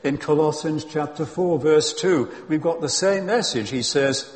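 A man preaching a sermon in a lively, emphatic way, with chuckles and friendly asides. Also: on the high side, a little slow, hardly any pauses, long reverb tail.

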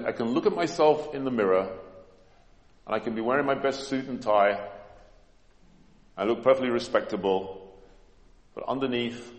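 Preacher in an echoing hall. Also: male voice, lowish voice. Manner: dramatic, acts out quoted voices, rising to emphatic peaks. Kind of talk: sermon. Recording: echoey hall with long reverb.

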